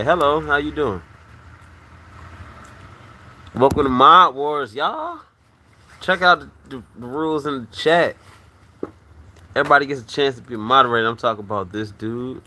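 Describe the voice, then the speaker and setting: A man's voice: medium pitch, moderate pace, long pauses. Rowdy, tipsy male stream host. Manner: loud, rowdy, laughs often, shouts catchphrases. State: slightly drunk. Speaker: livestream host. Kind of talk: casual livestream chat.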